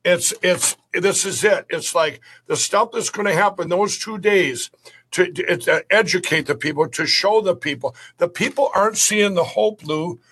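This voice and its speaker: A man's voice: high voice, moderate pace, a bit bright, husky. A man talking as an interview guest, rambling and earnest, often repeating and restarting his words. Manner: earnest and pleading. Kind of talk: casual interview talk.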